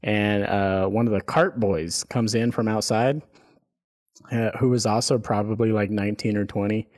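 A man's voice: on the low side, steady tone, moderate pace, a little mellow. A man co-hosting a podcast, telling a rambling, profane story in casual chat and laughing as he goes. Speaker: podcast co-host.

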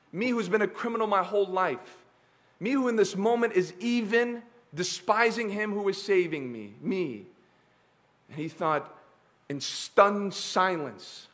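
A man preaching a sermon in an emphatic manner, with dramatic pauses and repetition. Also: fairly high pitch, a bit bright.

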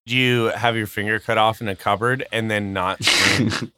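A man co-hosting a comedy podcast, chiming in with laughing interjections and quick quips. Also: lowish voice, steady tone, pushed and bright, clear, resonant tone. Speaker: podcast co-host.

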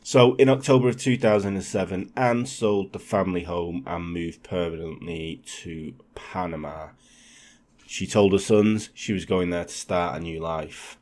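A man from England telling a true crime story on a podcast in a casual, swearing, animated way. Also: sits low, a little slow. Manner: swearing, animated, laughs often.

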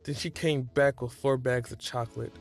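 A man reading fan fiction aloud in a plain, even way. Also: mid-range voice, moderate pace, soft background music. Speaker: reader.

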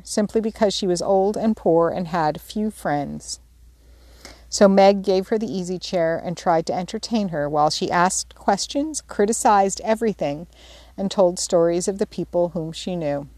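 A woman narrating a classic novel for an audiobook, steady and measured in her delivery. Her voice sits at an ordinary pitch for a woman. The recording is close and dry, with almost no room sound. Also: no echo. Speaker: audiobook reader. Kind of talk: scripted narration.

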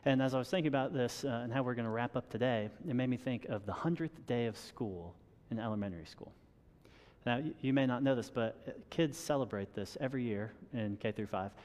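A man preaching a sermon in a relaxed conversational way, chuckling at his own stories and often restarting his sentences. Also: mid-range voice, fairly quick, in a large hall. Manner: conversational, self-deprecating with chuckles and repeated restarts. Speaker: pastor.

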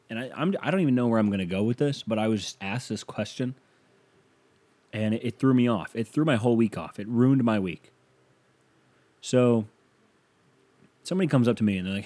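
A man hosting a solo podcast, ranting casually and profanely with loud exasperated outbursts, tired and yawning. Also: lowish voice. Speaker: podcast host.

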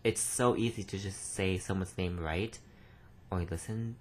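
Man, deep voice, casual rambling podcast chat, swears freely, faint background noise. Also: a little slow, darkish tone. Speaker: podcast co-host.

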